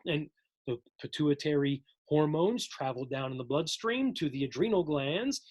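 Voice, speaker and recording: A man's voice: on the high side, lively intonation, moderate pace, darkish tone, breathy edge. A man teaching a psychology lesson in a casual, jokey recorded lecture, addressing his viewers as folks.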